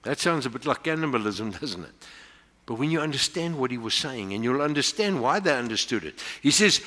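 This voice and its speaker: A man's voice: mid-range voice, animated, normal speed, sharp tone. A man with a South African accent preaching a sermon as pastor, building to emphatic peaks and slipping into Afrikaans phrases. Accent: South African English. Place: church hall. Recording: long hall reverb.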